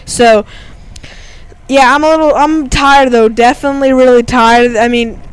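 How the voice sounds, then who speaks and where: A man's voice: extremely high pitch, fairly even intonation, moderate pace, smooth. A teenage boy, giving casual, rambling voice-over commentary over his own race footage and filling his talk with "like". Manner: rambling and chatty, heavy on "like" fillers. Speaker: amateur bike racer and vlogger.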